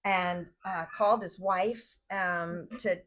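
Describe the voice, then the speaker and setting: A woman's voice: fairly low pitch, slow pace. A middle-aged woman who owns the business, telling funny stories in a casual chat and acting out the quotes. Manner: animated storyteller, acts out quotes, laughs often. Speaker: business owner and podcast host.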